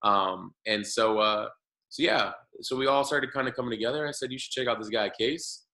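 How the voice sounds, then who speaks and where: A man's voice: mid-range voice, normal speed, pushed and bright, low-quality recording. A man in his thirties, a podcast guest, telling his story in a loose, rambling way with many fillers and restarts. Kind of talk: casual storytelling interview.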